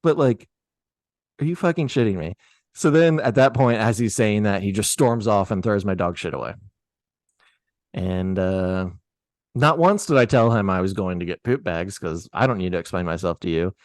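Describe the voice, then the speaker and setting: A man telling a story on a podcast in a casual, animated, profane way. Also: on the low side, moderate pace, no echo, studio quality.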